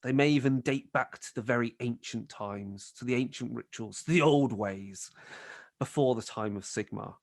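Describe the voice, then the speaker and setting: A man's voice: medium pitch, moderate pace, gravelly, dry recording, clean studio sound. A man narrating a tabletop game as game master, describing scenes in a rambling way with plenty of fillers.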